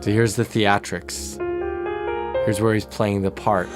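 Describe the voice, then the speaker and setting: A man's voice: on the low side, flat delivery, a little slow. A man working as a vocal coach, reacting to a song and explaining singing technique in an admiring, analytical way. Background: faint music from the played clip.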